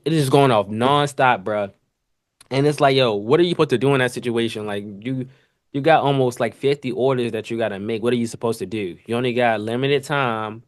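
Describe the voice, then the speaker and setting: A podcast host talking off the cuff, a man with a mid-range voice that neither booms nor squeaks. He tells kitchen stories in heavy slang and keeps jumping into sound effects and quick impressions of coworkers. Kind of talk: casual storytelling monologue.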